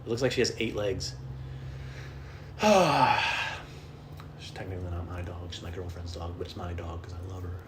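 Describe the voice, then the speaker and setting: With a low voice, a slightly slow pace, and frequent pauses, a young adult man records his solo comedy podcast indoors at home amid a noisy background. He's profane and self-deprecating, wandering from topic to topic.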